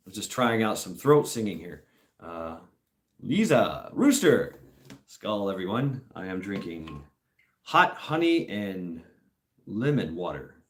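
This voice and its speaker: A man's voice: lowish voice, slight background noise. A man hosting a casual livestream, rambling and chuckling as he chats with viewers. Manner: rambling, chuckling, slow and drawn out. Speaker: livestream host.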